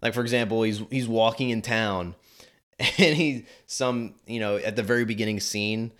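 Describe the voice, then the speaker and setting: Speaking at a moderate pace in a lowish voice, this male podcast host chats casually. His talk is animated and meandering, with frequent self-corrections.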